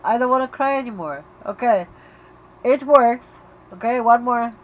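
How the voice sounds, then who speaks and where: A woman's voice: a little high, measured pace, rough recording. A woman hosting a casual livestream chat from her bed at home, talking openly and emotionally to viewers, with many fillers and restarts. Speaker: livestream host for an epilepsy community. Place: bedroom at home.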